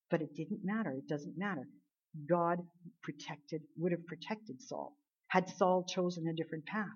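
A woman with a low, husky voice preaching a sermon. She retells the scripture in an earnest, emphatic way and presses her listeners with rhetorical questions. The recording sounds dull and lo-fi. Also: moderate pace. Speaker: Bible teacher.

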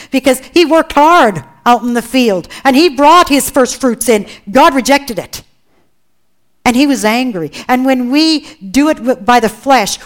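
Woman preacher, emphatic, questioning sermon delivery, slightly high pitch. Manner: earnest and emphatic, with rhetorical questions.

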